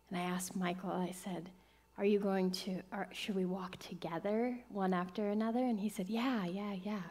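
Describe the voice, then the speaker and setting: A middle-aged woman minister telling a personal story in a sermon, dropping to hushed whispers and rising to excited, emphatic bursts. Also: medium pitch, moderate pace.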